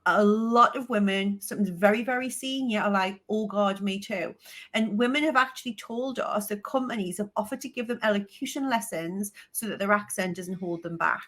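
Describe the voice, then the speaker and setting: A woman in her forties with a strong Geordie accent, a podcast guest telling candid, lively stories with the odd swear word. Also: mid-range voice, fairly quick, hardly any pauses. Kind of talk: casual interview chat.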